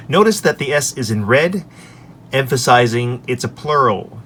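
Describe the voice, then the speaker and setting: A man who teaches English, recorded in his office on a desk microphone, walking through his lesson slides in an upbeat way and saying each example sentence clearly. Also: medium pitch, expressive, measured pace, a bit bright, slight background noise. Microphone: desk microphone on an extension arm.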